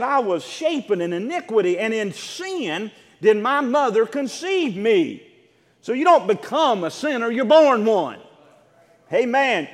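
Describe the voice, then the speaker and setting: In a large hall, a man with an extremely high-pitched voice preaches forcefully. He stretches out his words, rises into shouts, and throws questions to the congregation.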